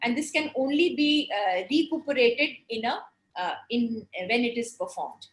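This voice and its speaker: A woman lecturer talks through ideas with frequent restarts and fillers. Her voice sits high, and the room adds a clear echo. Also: lively intonation, moderate pace. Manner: explanatory, many fillers and restarts. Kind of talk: online lecture with Q&A.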